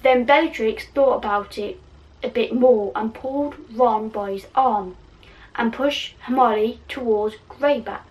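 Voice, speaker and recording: Brief: woman reading her own story aloud, slow and a bit high, self-mocking asides, voice away from the mic. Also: darkish tone, distant mic, rough recording. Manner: giggly, self-mocking, stumbling over words. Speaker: channel host reading her fan fiction.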